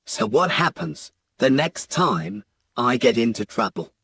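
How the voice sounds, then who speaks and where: A man's voice: medium pitch, lively intonation, measured pace, creaky, fairly bright tone, breathy edge, no room sound. Playful man telling a comic story. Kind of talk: animated retelling of a comic childhood poem.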